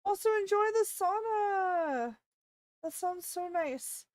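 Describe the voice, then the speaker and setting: A woman streaming live in a casual chat, flustered and panicky as she apologizes and breaks into excited greetings to viewers. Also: very high voice, slow, no room sound, clean studio sound. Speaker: VTuber streamer.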